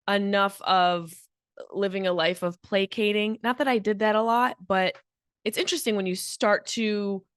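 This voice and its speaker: A woman comedian hosts her own podcast in a brash, fired-up comic rant full of swearing. Her voice sits at a middle pitch. It is recorded dry and close, with no room sound. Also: fairly bright tone, clear, resonant tone, no room sound. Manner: brash, profane, fired-up ranting.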